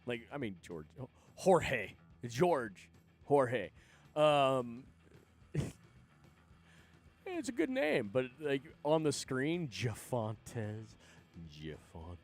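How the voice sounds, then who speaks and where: A man talks off the cuff on a livestream, wandering from thought to thought with plenty of swearing and laughing between lines. His voice sits at an ordinary middle pitch for a man. Faint music plays underneath. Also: very animated, extremely slow, long pauses. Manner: rambling, profane, laughs often. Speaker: livestream host. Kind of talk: casual livestream chat.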